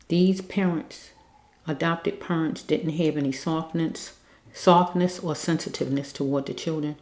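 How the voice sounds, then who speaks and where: A woman with a deep, mellow voice leads a spiritual card reading in an echoey room. She talks earnestly and pleadingly, circling back to the same points and asking again and again if the listener follows her. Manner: repetitive, keeps checking in with listeners. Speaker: card reader.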